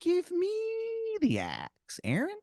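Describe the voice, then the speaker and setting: A squeaky scheming cartoon tooth. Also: male voice, huge pitch swings, slow pace, darkish tone, dry recording, studio quality, exaggerated voice. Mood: wheedling. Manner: high squeaky wheedling tempter. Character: grinning cartoon tooth creature, male, scheming.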